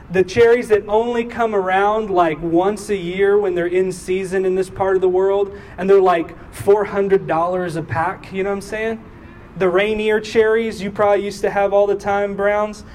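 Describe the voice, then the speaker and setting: A man in his thirties, a pastor preaching a sermon and telling a family story, acting out the voices in it. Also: sits high. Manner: animated, acts out voices in his stories. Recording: distant mic with faint room noise.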